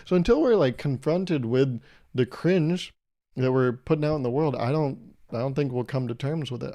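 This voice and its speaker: A man in his twenties talks on his own podcast in a loose, rambling way. He keeps poking fun at himself with quick asides, and his voice sits at an ordinary middle pitch. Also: dark tone. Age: 20s. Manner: rambling, self-deprecating, jokey asides. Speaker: podcast host. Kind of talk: casual solo podcast monologue.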